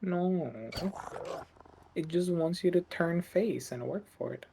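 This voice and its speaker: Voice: mid-range voice, slow, vocal fry, warm tone, slightly rough. A friend on a gaming stream who teases and giggles while explaining the game's units. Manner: giggly, teasing. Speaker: friend explaining game mechanics. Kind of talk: casual gaming chat.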